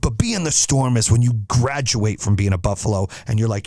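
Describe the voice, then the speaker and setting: A man's voice: medium pitch, expressive, fairly quick, hardly any pauses, darkish tone, dry recording, clean studio sound. A man hosting a podcast as a motivational speaker, blunt and emphatic with repeated rallying lines. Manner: blunt, emphatic, repetitive, preachy. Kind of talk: motivational talk.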